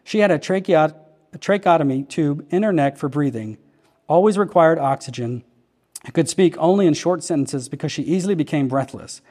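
A man reading a healing account aloud in an earnest, steady narration, with occasional slips and restarts. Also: on the high side, a little fast. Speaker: reader of a testimony.

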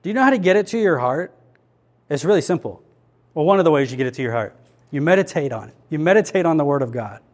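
Speaking fast and animatedly in a fairly high voice, a man delivers a sermon to his congregation as their pastor, earnest and conversational, asking the listeners lots of questions.

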